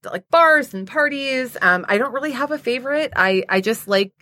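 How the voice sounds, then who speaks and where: A woman's voice: high-pitched, expressive, normal speed, sharp tone, no room sound. A woman co-hosting a podcast, easygoing and wry in casual chat. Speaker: podcast co-host.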